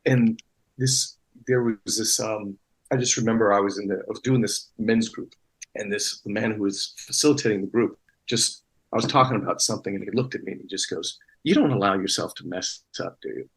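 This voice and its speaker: Husky guy rambling thru an interview, lots of ums and restarts. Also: on the low side, steady tone, a little fast, rough recording. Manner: rambling, many restarts and fillers. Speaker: actor guest. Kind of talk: casual interview chat.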